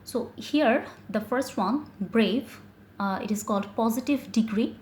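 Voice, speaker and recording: A woman's voice: on the high side, unhurried, a little mellow. A woman teaching an online grammar class, explaining step by step with frequent fillers and self-corrections. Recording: echoey room with faint noise.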